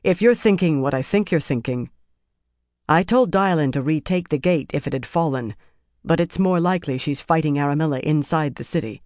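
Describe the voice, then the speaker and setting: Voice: mid-range voice, a little fast, a little mellow, no echo, studio quality, close to an everyday voice. A reader voicing a blunt veteran guard captain. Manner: blunt, practical. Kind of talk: audiobook character voice.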